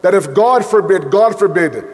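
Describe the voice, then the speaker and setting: A man giving an emotional sermon that builds into impassioned, shouted storytelling. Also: sits high, lively intonation, moderate pace. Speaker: preacher. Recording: echoey hall.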